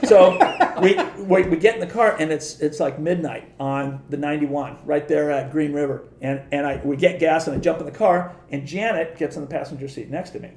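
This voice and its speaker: A man in his sixties, a podcast guest from Southern California, telling animated stories in casual chat with lots of restarts. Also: fairly high pitch, a little fast, few pauses, reverberant, slight background noise. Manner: animated anecdotes with many restarts and quoted voices.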